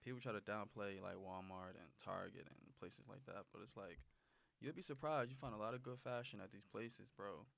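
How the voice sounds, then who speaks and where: A young man from New Jersey chats casually as a podcast guest, easygoing and full of slang. His voice is low and gravelly. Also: brisk, fairly bright tone, a little hiss or hum. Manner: laid-back, slangy. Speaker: guest musician.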